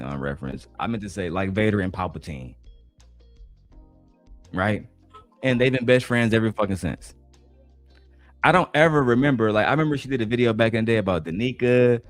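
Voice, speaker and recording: A man hosting a casual commentary, talking bluntly and swearing often. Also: lowish voice. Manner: blunt, swears often, talks over clips. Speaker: commentary host.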